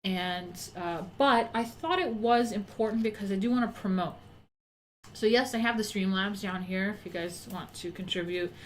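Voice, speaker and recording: A woman's voice: mid-range voice, a little hiss or hum. A young woman who is out of breath from pregnancy, hosting a casual livestream chat, rambling and reading viewer comments aloud. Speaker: livestream host.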